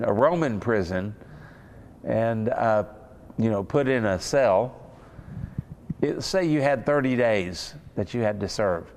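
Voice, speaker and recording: A man preaching a sermon in an unhurried, conversational way. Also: medium pitch, a little mellow, slight background noise. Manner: conversational, unhurried, with fillers and asides.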